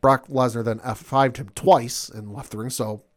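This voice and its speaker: A man hosts a relaxed podcast about sports and gaming, enthusiastically rambling through news recaps with many fillers. He speaks at normal speed with a medium pitch and steady tone.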